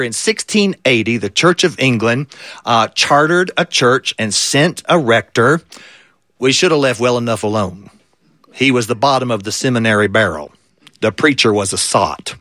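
Brief: male Kentucky storyteller, folksy drawl, bright tone, dry close recording. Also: mid-range voice, no room sound. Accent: Southern US, Kentucky. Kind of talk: folk tale storytelling.

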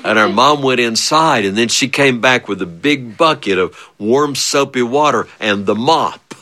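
A man telling a funny childhood story, animated and chuckling often, with big swings of voice. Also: medium pitch, measured pace. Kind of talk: spoken storytelling.

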